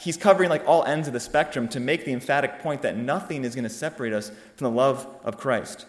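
A man's voice: mid-range voice, fast, hardly any pauses. Man preaching in an echoing hall. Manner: emphatic, rhetorical questions, rising to loud peaks. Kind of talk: sermon. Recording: long reverb of a hall.

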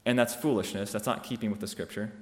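A man preaching a sermon, emphatic and driving his points home with rhetorical questions that build to loud peaks. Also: on the low side, steady tone, fast talker. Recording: long reverb of a hall.

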